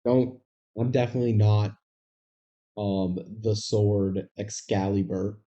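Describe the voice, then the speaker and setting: A man's voice: lowish voice, steady tone, slow, warm tone. A young man co-hosting a podcast, talking over movie logic in a wry, rambling, analytical way. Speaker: podcast co-host. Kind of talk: casual movie discussion. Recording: dull lo-fi sound.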